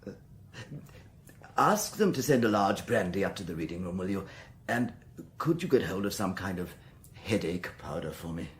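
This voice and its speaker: A rattled Victorian gentleman. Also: sits low, very animated, normal speed, long pauses, slightly rough, heavily acted. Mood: anxious. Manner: hesitant, stammering with fillers. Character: nervous Victorian gentleman, shaken and hesitant. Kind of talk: radio drama acting. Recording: noisy background.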